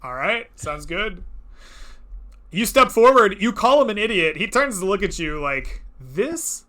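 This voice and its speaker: A man narrating a tabletop game as game master, casual and lively, with plenty of "uh" and easy laughter. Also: high-pitched, moderate pace.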